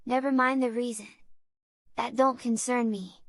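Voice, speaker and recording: A woman reading aloud and voicing a tall, calm old male traveling showman with a foreign accent. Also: a little high, unhurried, dry recording, clean studio sound. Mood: persuasive. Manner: calm, quietly shrewd.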